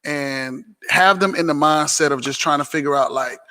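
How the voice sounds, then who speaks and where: A man's voice: on the high side, moderate pace, bright, forceful tone, big-room sound. A man hosting a casual vlog and Q&A at home, teasing and laughing, then explaining things plainly. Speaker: host.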